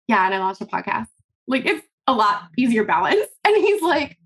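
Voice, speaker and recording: A woman's voice: medium pitch, lively intonation, moderate pace. A woman in her thirties, a podcast guest telling a long story in casual, rambling interview chat, full of fillers and acted-out quotes.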